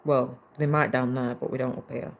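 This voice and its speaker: A woman with a Mancunian accent chats away casually, leaning on "like" as she talks. Her voice has a gravelly fry at the bottom of it. She sounds like she's relaxed and talking to her viewers while she stitches. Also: a bass voice, normal speed, slight background noise. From England. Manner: chatty, reads viewer comments aloud, many "like" fillers. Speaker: livestream host.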